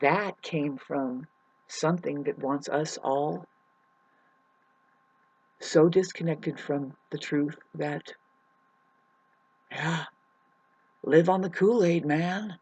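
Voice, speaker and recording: A spiritual vlogger rambling through a monologue to camera, full of restarts and sudden loud mocking outbursts, swearing casually. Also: mid-range voice, takes it slowly, long pauses, breathy edge, no echo, rough recording.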